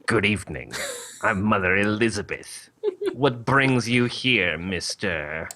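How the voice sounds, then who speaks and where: A man's voice: lowish voice, expressive, takes it slowly, bright, forceful tone, slight background noise, full character voice. A man voicing a stern older nun who runs a nursing home, talking in a formal, cold and dismissive way.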